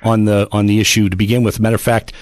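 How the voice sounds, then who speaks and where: A man co-hosting a talk radio show from a studio, earnest and quick, taking calls. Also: fairly low pitch, level tone, no room sound. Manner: fast, gravelly, earnest with restarts.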